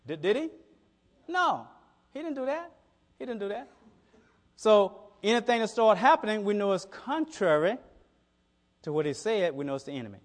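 A man's voice: high-pitched, expressive, brisk. Folksy preacher man in a reverberant hall. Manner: folksy storytelling with frequent repeated words. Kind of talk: conversational sermon.

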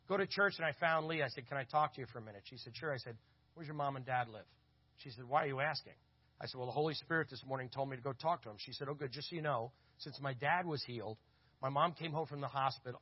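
Fast-talking man preaching. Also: medium pitch, no echo. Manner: animated, acts out quoted voices. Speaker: conference speaker. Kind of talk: storytelling sermon. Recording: dull lo-fi audio.

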